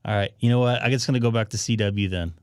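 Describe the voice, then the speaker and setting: A man hosting a casual live stream about amateur radio, chatting to viewers while he troubleshoots his setup out loud. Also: lowish voice, fairly even intonation, fast, smooth, dry recording, studio quality.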